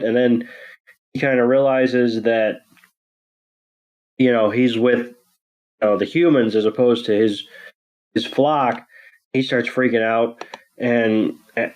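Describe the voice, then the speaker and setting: A man co-hosts a podcast and slowly recaps a cartoon episode, laid-back and full of crude jokes. He pauses often and fills the gaps with ums. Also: mid-range voice, a little mellow, rough recording. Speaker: podcast co-host.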